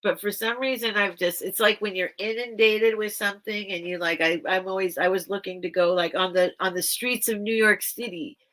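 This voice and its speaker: A woman's voice: mid-range voice, fairly even intonation, moderate pace, few pauses, fairly bright tone. A woman hosting a live vintage sale stream, rambling and interrupting herself in casual chat. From grew up by the beach. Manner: rambling, self-interrupting, chatty.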